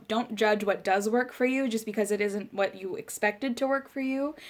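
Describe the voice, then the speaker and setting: A woman in her late twenties hosting a podcast. She talks in a rambling, passionate, casual way, with lots of "like" fillers and quick bursts. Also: medium pitch. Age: late 20s. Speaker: podcast host. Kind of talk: casual life chat.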